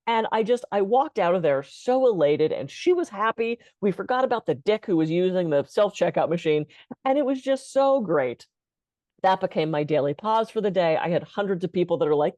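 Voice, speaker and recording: A woman guest on a podcast, telling a story in a lively, expressive way. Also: medium pitch, brisk, no echo. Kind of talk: conversational storytelling.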